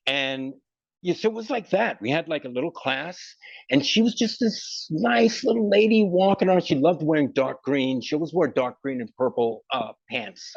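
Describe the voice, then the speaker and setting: Rambling, gravelly male musician. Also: mid-range voice, dry recording, highs cut off. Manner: rambling, animated storytelling. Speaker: musician guest. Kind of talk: casual interview.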